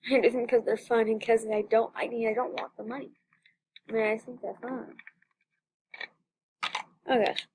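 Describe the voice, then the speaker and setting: Young female channel host with a high voice; casual, dramatic gameplay commentary with lots of repetition. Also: flat delivery, normal speed, pauses often, a little mellow, slight background noise. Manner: chatty, dramatic, repeats phrases.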